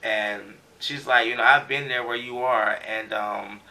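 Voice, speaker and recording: A man's voice: mid-range voice, steady tone, a little slow, sharp tone, distant mic. A man giving a casual recap of a TV episode, talking loosely with slang and lots of fillers. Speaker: TV show recap reviewer.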